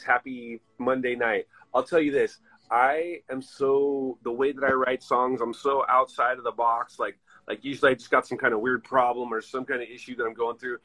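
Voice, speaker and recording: A man hosts a live stream in a casual chat. His voice is husky and sharply bright. He talks bluntly and swears freely. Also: mid-range voice, low-quality recording.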